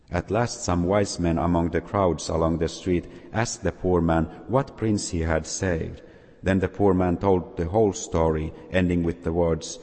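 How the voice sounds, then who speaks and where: A man reading a folk tale aloud in a slow, measured way with small slips, husky voice. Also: low-pitched, fairly even intonation, darkish tone. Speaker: storyteller. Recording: long reverb.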